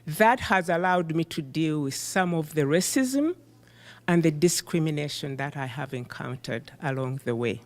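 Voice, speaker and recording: A middle-aged woman who is not a native English speaker, giving an animated, emphatic conference keynote. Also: low-pitched, moderate pace. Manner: animated, emphatic, self-deprecating. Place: conference hall. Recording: reverberant hall.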